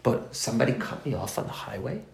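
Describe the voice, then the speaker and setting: Guy teaching a study group, rambly and chatty, gravelly voice, echoey room. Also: mid-range voice, big pitch swings, quick pace. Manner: chatty, rambling, with many asides. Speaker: teacher leading a parenting study circle. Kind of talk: informal class lecture.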